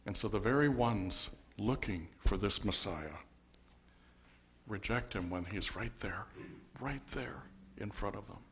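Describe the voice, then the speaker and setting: A man's voice: on the low side, unhurried, highs cut off. A man preaching a sermon as pastor, telling the story conversationally with emphatic bursts. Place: church.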